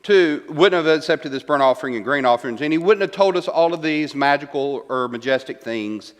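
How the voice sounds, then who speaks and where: Male Bible teacher, slightly high voice, long church-hall echo; conversational, rhetorical questions, repeated lines. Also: fairly quick. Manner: paraphrases verses and repeats key lines for emphasis. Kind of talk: teaching a Bible class, retelling scripture. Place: church classroom.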